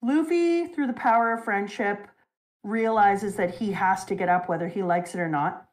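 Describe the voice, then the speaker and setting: A woman in casual chat, recapping a story arc in an animated, emotional way and laughing now and then. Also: medium pitch, normal speed.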